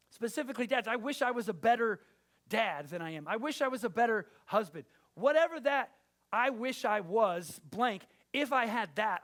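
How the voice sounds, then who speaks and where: A male pastor delivers a sermon in a fairly high voice. He speaks emphatically, addressing his listeners directly and pressing his points home. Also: fairly bright tone.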